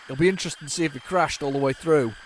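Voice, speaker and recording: A man hosting a retro gaming video chats casually with viewers in a fairly high, rapid-fire voice, rambling, stumbling and restarting sentences as he comments. The audio is poor, with a little hiss or hum.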